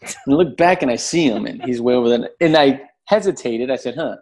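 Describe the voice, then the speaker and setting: A man, a podcast guest who tells a story in a casual, animated way, swearing freely and acting out the voices of the people in it. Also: mid-range voice, brisk. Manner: animated, profane, acts out voices in his story.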